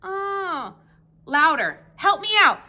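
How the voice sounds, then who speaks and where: A young woman teaching a Bible lesson to preschool children, animated and full of exclamations. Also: very high voice, slow, faint music behind.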